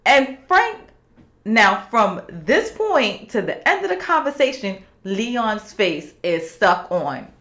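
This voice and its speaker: A woman's voice: mid-range voice, sing-song, slow pace, fairly bright tone. A woman reviewing a TV series finale in a casual, opinionated recap. She talks straight to her viewers and drops into the characters' lines as she retells scenes. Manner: chatty and opinionated, with asides to viewers.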